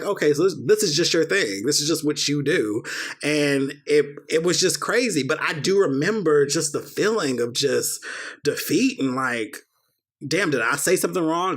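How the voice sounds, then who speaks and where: A young man hosts a podcast and tells a personal story in a loose, casual monologue. His voice sits fairly high, and he acts out the other people's lines with swearing sprinkled throughout. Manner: animated, acts out quoted dialogue, swears freely. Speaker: podcast host.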